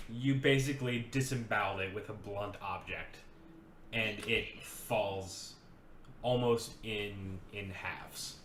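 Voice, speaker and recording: A woman acting as game master, narrating combat in a slow, deliberate way. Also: extremely low pitch, fairly bright tone, a little hiss or hum. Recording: roomy echo.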